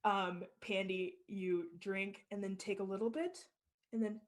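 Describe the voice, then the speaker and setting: A woman's voice: mid-range voice, steady tone, unhurried. A woman narrating as game master of a tabletop role-play, casual with many fillers.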